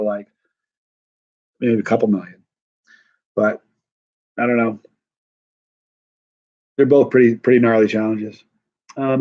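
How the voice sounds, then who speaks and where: A man's voice: medium pitch, a little mellow, muffled recording. A middle-aged man hosting a hot-pepper challenge live stream, chatting casually and rambling through comments with lots of restarts.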